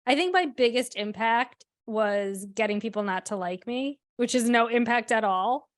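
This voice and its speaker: A woman co-hosting a podcast in casual chat, self-deprecating and quick to laugh. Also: fairly high pitch. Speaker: podcast co-host.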